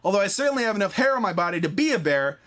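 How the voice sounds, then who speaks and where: A man's voice: big pitch swings, rapid-fire, fairly bright tone. A man voicing a brash, crude young woman who boasts while hunting for boyfriends online. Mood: giddy. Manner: crude, boastful, shrill and mocking. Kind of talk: comedy sketch character.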